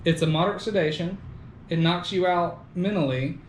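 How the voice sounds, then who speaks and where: Speaking at a normal pace in a voice that sits high, a man hosts a casual podcast chat. Laughter comes often, along with the odd swear word, and the recording sounds echoey with faint noise.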